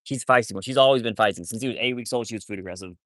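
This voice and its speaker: A man's voice: fairly low pitch, racing, a bit bright, no room sound, studio quality. A man talking casually to livestream viewers while working with his dogs, rambling and often restarting his sentences. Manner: rambling, repeats himself, trails off mid-sentence; soothing, cooing talk to his dogs. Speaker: wolfdog rescuer livestreaming. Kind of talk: casual live-stream talk to viewers.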